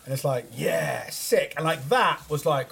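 A man's voice: on the high side, expressive, a little slow, gravelly, crowd noise. A man, a hip hop artist guest, chatting in a laid-back way with a lot of swearing and filler words. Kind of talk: casual chat.

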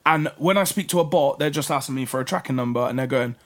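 A man's voice: mid-range voice, quick pace, fairly bright tone. A young man telling a story in casual chat, swearing a lot and acting out both sides of the conversation.

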